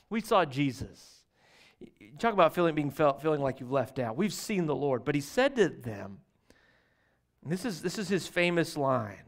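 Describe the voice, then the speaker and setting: A man pastor with a drawl preaches in a church sanctuary. His voice sits somewhat high for a man. He tells stories in an easy, folksy way and keeps swinging between loud and quiet. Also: lively intonation, normal speed. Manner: conversational, folksy storytelling with shifts in loudness. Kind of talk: sermon.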